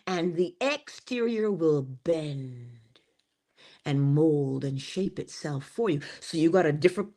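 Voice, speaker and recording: A woman hosting a morning inspiration stream, giving a motivational talk with emphasis, dropping to a whisper on key phrases and acting out little scenes. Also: medium pitch. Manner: animated, laughs and acts out little scenes.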